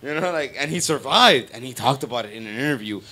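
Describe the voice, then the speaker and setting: A man who plays in a band chats casually as a guest on a live stream show. He rambles and swears freely, with lots of "you know" and "like". His pitch sits at an average level. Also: expressive, quick pace, bright, forceful tone. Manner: rambling, profane, filler-heavy. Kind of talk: casual profane chat.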